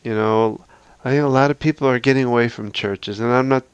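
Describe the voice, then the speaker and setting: Male podcast host, mid-pitched, reflective and earnest, unscripted, smooth voice. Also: fairly quick, no echo, highs cut off. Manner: earnest, reflective, talks through a numbered list.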